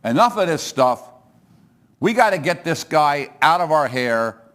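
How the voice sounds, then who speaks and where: A preacher voicing the high priest Caiaphas, brisk and offhand as he settles the matter. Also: very animated, a bit bright. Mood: decisive. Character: scheming male high priest, decisive.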